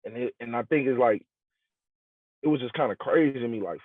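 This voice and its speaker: A man's voice: mid-range voice, a little fast, long pauses, no echo. A man in casual podcast chat, blunt and emphatic, swearing freely and leaning on slang. His voice comes through thin and tinny, with a close, dry sound and no room around it. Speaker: podcast co-host.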